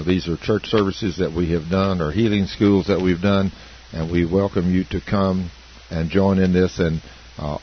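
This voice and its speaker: A man hosting a ministry broadcast, speaking in a slow, measured, reverent way. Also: sits low, husky. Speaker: ministry radio host. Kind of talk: broadcast introduction. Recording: dull lo-fi broadcast with faint hiss.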